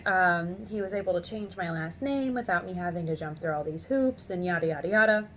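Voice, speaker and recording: A woman in her thirties telling a story to camera in a chatty, animated way from her home office, laughing often. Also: medium pitch, brisk, a little hiss or hum. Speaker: vlogger.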